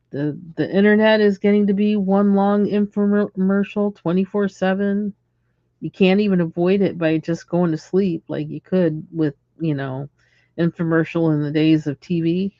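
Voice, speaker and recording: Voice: medium pitch, no echo, highs cut off. A livestream host ranting casually and in exasperation while coloring, chuckling between lines.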